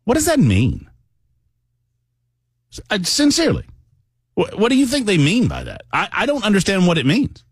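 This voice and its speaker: A man's voice: sits high, wildly swooping pitch, normal speed, long pauses, breathy edge, no echo, studio quality. A man hosting a political talk radio show, speaking in a conversational, emphatic monologue that often wanders off on tangents.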